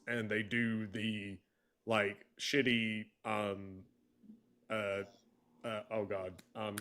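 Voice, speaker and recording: A man, chatting on a panel in a halting, self-correcting, wry way. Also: on the low side, a bit bright. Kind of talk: casual chat.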